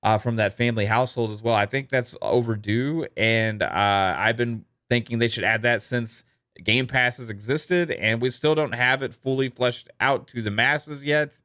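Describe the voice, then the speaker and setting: Relaxed and quick to chuckle, this man co-hosts a casual gaming podcast, thanking viewers for their super chats and bantering about the news without hurrying. His medium-pitched, middle-register voice is recorded dry and close, with no room around it. Ums and uhs pepper his speech.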